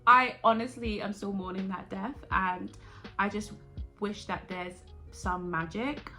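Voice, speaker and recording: A woman vlogger chatting casually and excitably about a TV series, rambling and jumping between thoughts. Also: mid-range voice, measured pace, faint music behind. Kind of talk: casual reaction chat.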